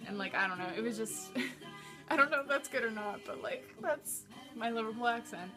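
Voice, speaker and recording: A woman's voice: on the high side, animated, moderate pace, over music. A teenage girl casually answering tag questions for her vlog, rambling and filling every gap with likes and ums. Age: teens. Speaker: vlogger.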